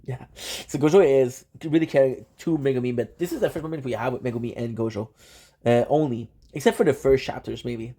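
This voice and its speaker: A young man hosting his channel, excitedly recapping an anime in casual slang, with lots of restarts and swearing. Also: mid-range voice, a little fast. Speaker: channel host.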